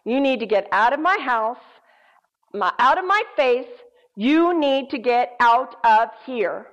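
A woman voicing a churchwoman who firmly and loudly rebukes a demon. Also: a little high, animated, unhurried, big-room sound. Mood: defiant. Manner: firm, emphatic, loud. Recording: dull lo-fi recording.

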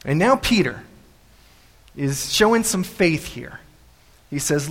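High-voiced preacher in an echoey hall. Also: male voice, slow, long pauses, breathy edge. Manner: animated storytelling, repeats phrases for emphasis. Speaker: pastor. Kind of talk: sermon.

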